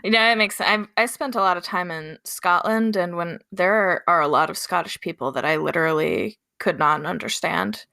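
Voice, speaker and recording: A woman's voice: fairly low pitch, normal speed, creaky, hardly any pauses, bright, forceful tone. A woman co-hosting a podcast in casual chat, laughing often. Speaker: podcast co-host.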